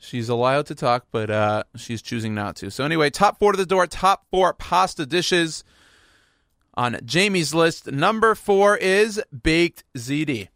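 A man hosts a radio show from the studio, talking casually with a rambling, playful, self-mocking manner. His voice is bright and forceful, and the sound is dry and close. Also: on the high side, animated, unhurried, gravelly, no echo. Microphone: studio microphone.

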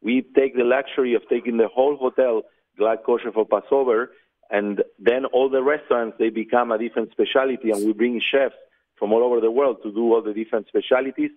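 A man's voice: medium pitch, steady tone, fairly quick. A man calling into a radio show as a guest, talking eagerly and adding details as he goes. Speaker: phone-in guest. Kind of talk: casual phone interview. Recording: tinny phone line.

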